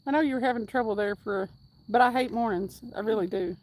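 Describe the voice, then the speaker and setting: Woman, high-pitched, upbeat livestream host, chats and reads comments while fishing outdoors. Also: fast talker, a little mellow. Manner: upbeat and chatty, whoops now and then. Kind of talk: casual livestream chat, reading viewer comments aloud.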